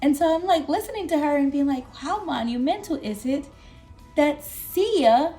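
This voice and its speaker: A young woman at her desk telling an excited storytime vlog, animated and exclamatory, breaking into laughs and squeals. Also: high-pitched, moderate pace, faint music behind.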